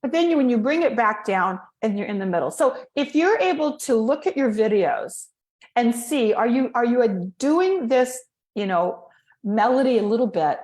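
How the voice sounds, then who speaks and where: Animated woman voice coach, echoey room. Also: a little high, moderate pace. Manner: animated, demonstrates vocal techniques. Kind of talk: casual chat.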